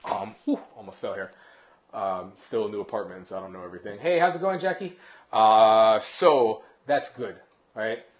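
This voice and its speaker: A man's voice: fairly low pitch, steady tone, moderate pace. A man, a dog trainer, explaining training casually in a rambling way, with lots of restarts, while moving around his apartment. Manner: rambling, many fillers and restarts. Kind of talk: casual instructional talk.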